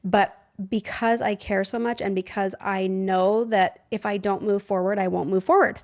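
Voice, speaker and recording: A woman's voice: mid-range voice, steady tone, moderate pace, darkish tone. A woman in her thirties hosting a podcast, talking earnestly and reflectively as a life coach, laughing often. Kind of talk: casual podcast chat.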